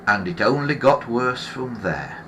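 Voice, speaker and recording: A man hosts a casual live stream, airing strong opinions in a slow, grumbling rant. His bright voice swings widely in pitch, and he often trips and restarts mid-sentence. A faint hiss sits under the recording. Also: very animated. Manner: rambling with frequent restarts.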